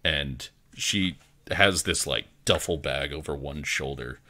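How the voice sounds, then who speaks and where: A man narrating as game master in a casual, halting way, with many fillers. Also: very deep voice, pushed and bright.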